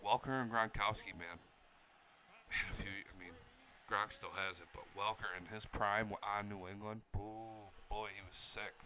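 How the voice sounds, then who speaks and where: A young man reacting to game highlights as an excitable fan, swearing freely and yelling at the big moments. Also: normal speed, slight background noise. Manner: excitable, profane, shouts at big plays. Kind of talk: casual fan reaction commentary.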